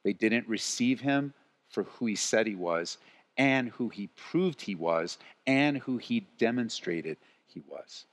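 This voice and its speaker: A man preaching a live church sermon as pastor, moving between quiet earnest passages and rising, loud exhortation. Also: fairly low pitch, lively intonation, takes it slowly. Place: church sanctuary. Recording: long reverb of a large hall.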